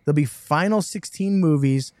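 A man hosting a podcast, telling stories in a lively, self-mocking way. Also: a little high, normal speed, dry recording, clean studio sound. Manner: animated, self-mocking storyteller. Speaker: podcast host. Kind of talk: casual chat.

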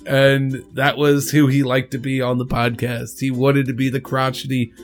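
A man hosting a podcast, giving a halting, emotional spoken tribute while fighting back tears. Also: medium pitch, level tone, faint music behind. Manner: halting, rambling, with restarts. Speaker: podcast host.

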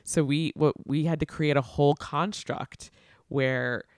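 An interviewer in theater education chats casually over a video call, affirming often and trailing into restarts. The voice is gravelly with fry and sits at a middle pitch. The sound is dry, with no room echo. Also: steady tone, a little slow.

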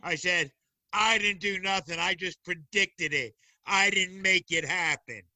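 High, bright-voiced man telling teasing stories. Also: a little slow, dry recording. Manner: playful, teasing, mimics others' voices. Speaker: guest, occult teacher and shop owner. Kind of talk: animated storytelling.

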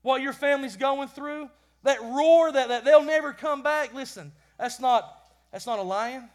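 A man preaching a sermon with passion, swinging between loud bursts and quiet lines, often repeating words as he goes. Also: very high voice, a little slow. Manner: impassioned, rising and falling in loudness; repeats words when stumbling.

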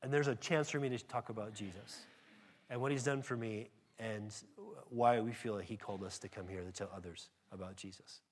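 A man with an American accent preaching a sermon in a lively, conversational way, often restarting sentences and acting out little exchanges. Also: lowish voice, a little fast. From California. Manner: animated, conversational preaching with restarts and acted asides. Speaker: pastor.

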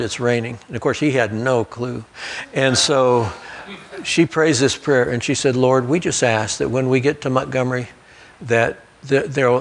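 A male pastor, preaching a sermon through folksy personal stories and asides. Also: medium pitch. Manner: storytelling preacher, folksy asides, occasional restarts. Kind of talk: sermon storytelling. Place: church sanctuary.

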